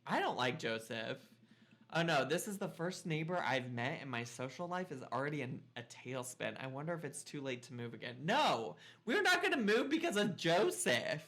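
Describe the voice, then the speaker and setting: A man's voice: on the high side, sing-song, normal speed, a bit bright. A man hosting his gaming channel, reading a dating game aloud and reacting in a playful, sassy, exclamatory way.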